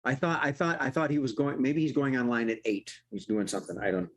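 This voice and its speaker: A man's voice: medium pitch, fast, low-quality recording. A man hosting an improv comedy show, chatty, laughing often and tripping over his words.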